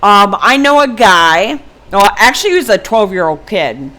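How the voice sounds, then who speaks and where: A woman's voice: medium pitch, sing-song, moderate pace, bright, forceful tone. A woman in her fifties talking casually and frankly to her viewers in a personal vlog, rambling with many ums and restarts. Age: 50s. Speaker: vlogger. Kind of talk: casual personal talk to camera.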